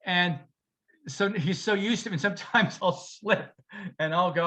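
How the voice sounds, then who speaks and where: A man's voice: high voice, moderate pace, pushed and bright. A man who teaches, co-hosting a casual podcast, telling a rambling story with frequent laughs and restarts. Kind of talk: casual chat.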